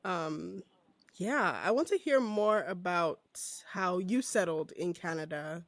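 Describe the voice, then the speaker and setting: A man hosting a casual interview, asking questions in a friendly, halting way. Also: high-pitched, fairly bright tone, no echo. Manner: friendly, hesitant, many fillers and restarts. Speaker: interview host.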